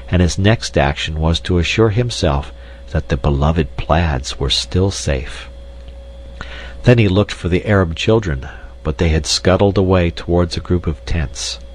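A man reading a storybook aloud in a measured, even way. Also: low-pitched, a little hiss or hum, poor audio. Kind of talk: audiobook narration.

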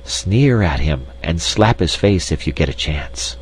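A man with a low voice voicing an excitable female chimpanzee in a storybook reading, gushing with enthusiasm. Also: a little slow, a little hiss or hum. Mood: conspiratorial.

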